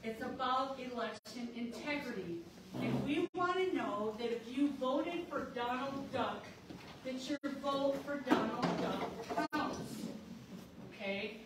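A woman's voice: high voice, expressive, takes it slowly. A woman giving an emphatic public speech at a community center, repeatedly checking in with "okay?". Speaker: community organizer speaking at a candidate forum. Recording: echoey hall, distant mic, noisy.

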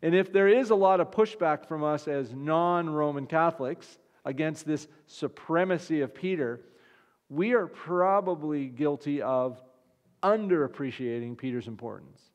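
A man's voice: on the high side, moderate pace, highs cut off. A man, a pastor, preaching a conversational sermon with frequent restarts. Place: church. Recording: long reverb of a church hall.

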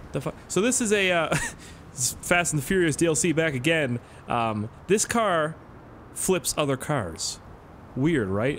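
A man's voice: on the high side, a little hiss or hum. A young Canadian man with a Canadian accent giving rambling, joking gameplay commentary and swearing often. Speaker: gaming YouTuber.

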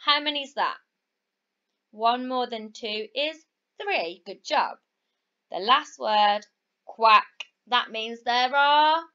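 A woman teaching a phonics lesson to young children, sounding out each letter slowly and blending words, with upbeat praise. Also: on the high side, sharp tone, clean tone. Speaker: primary school teacher. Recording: slightly dull, lo-fi recording.

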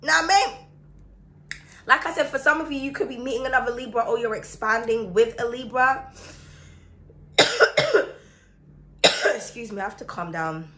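Chatty tarot lady, bright high-ish voice, sore throat, keeps calling you darling. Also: brisk. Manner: chatty and excitable, calls viewers darling. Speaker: tarot reader. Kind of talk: casual astrology reading to camera.

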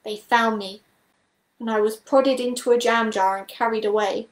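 Fretful old toad with a high, shaky voice, read by a woman, roomy sound. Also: steady tone, normal speed, close to an everyday voice. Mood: storytelling.

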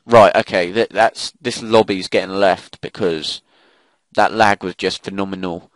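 A man's voice: low-pitched, steady tone, a little slow, no echo. A young man giving live commentary over a shooter game, swearing and ranting in frustrated outbursts. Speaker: gaming commentator.

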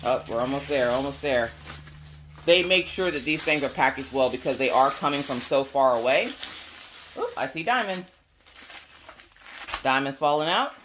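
Woman, casual unboxing chat, chatty, excitable, squeaky voice, faint room noise. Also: moderate pace, long pauses. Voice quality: squeaky today. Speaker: crafting video host.

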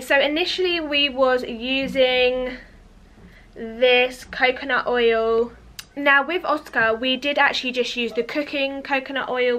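A woman's voice: a little high, sharp tone. A woman chatting casually to camera as a parenting vlogger, often repeating words for emphasis.

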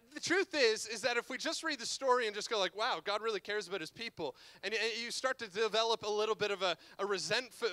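A young man preaching a sermon as pastor, telling a story with lively asides and jokes. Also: very high voice, no echo.

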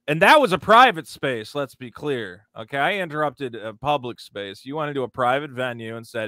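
A man's voice: mid-range voice, animated, a little fast, few pauses, sharp tone, dry recording, clean studio sound. A man, a comedian guest in a casual interview, talking in a sardonic, joking way. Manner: sardonic, joking, quotes people in mocking voices.

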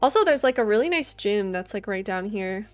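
A young woman with an expressive, mid-range voice talks a little fast while streaming a life-sim game. She chats casually with both her viewers and her in-game characters, giggling often, as soft game music plays behind her.

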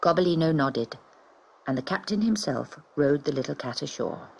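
A woman reading a children's story aloud in an expressive, dramatic way. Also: deep voice, normal speed, creaky, slightly rough, low-quality recording.

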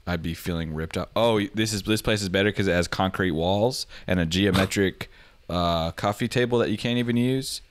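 Male co-host, very low pitch, mock-indignant comic riffing. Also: normal speed, a little hiss or hum. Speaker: podcast co-host. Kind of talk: casual comedic chat.

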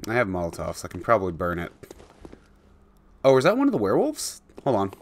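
A man's voice: mid-range voice, huge pitch swings, moderate pace, pauses often. A man giving casual commentary while playing a video game, chatting to the creatures on screen and chuckling often. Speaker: let's play gamer.

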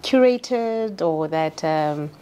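A South African woman speaking as a panel guest, reflective and measured, thinking aloud as she talks. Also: low-pitched, animated, warm tone, smooth, dull audio. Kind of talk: casual panel chat.

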